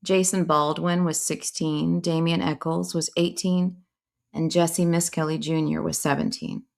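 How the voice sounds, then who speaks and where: A woman's voice: deep voice, flat delivery, a little slow, vocal fry, darkish tone. A woman co-hosting a casual true-crime talk show, who adds facts carefully in short interjections. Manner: careful, factual, brief interjections. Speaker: co-host.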